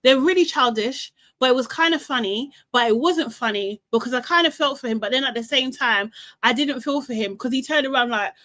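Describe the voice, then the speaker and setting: A woman's voice: high voice, a little fast. Chatty woman hosting a live recap. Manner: chatty and animated, laughing, reading out chat comments. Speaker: live show host. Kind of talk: casual live recap chat.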